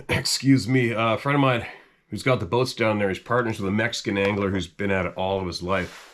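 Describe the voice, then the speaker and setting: A middle-aged Canadian man with a stuffy head cold, chatting casually to camera in a rambling, animated way. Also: on the low side, a little fast. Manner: rambling and animated, chuckles often, voice jumps up when quoting himself. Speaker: hunting channel host.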